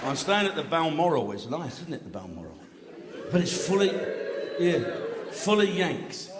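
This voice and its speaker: A man's voice: a little high, very animated, moderate pace, very noisy. Crude, swearing male stand-up comedian. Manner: crude, swearing, conversational with the audience. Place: large live comedy venue. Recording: echoey hall with crowd laughter.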